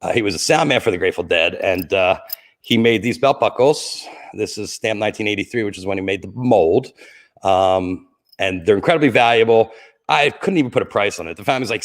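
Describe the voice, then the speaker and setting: A middle-aged man chats casually to his livestream viewers from beside his Christmas tree. His voice sits a little low, and he rambles from joke to joke, greeting people by name. He coughs now and then between lines. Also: fairly quick. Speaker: livestream host.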